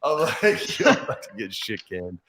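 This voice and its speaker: A man's voice: on the low side, moderate pace. Profane storytelling man in his forties. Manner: animated, profane anecdotes, acts out others' lines. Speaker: podcast guest. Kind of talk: casual storytelling.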